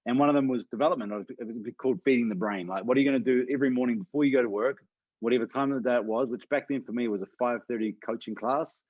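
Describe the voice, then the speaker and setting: A man talking quickly and earnestly, a coach co-hosting a podcast in relaxed conversation. His voice sits close and dry on the mic, with a slightly dull, lo-fi tone. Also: medium pitch, no room sound. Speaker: podcast co-host, fitness coach. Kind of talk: casual chat.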